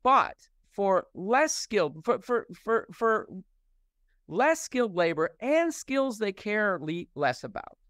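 High-voiced man, dry and close. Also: big pitch swings, slow pace, fairly bright tone, dry recording. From United States. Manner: thoughtful, many restarts and fillers. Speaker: interview guest, professor. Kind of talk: conversational interview.

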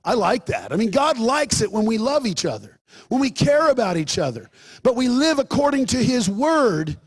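Man, pastor, sermon, high-pitched, joking then emphatic. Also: sing-song, normal speed, slightly rough.

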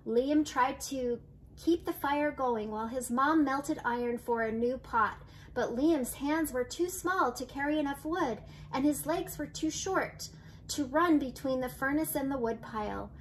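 High-voiced grandmother reading a storybook. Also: unhurried, a little hiss or hum. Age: older. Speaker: grandmother reading picture books aloud. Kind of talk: children's read-aloud.

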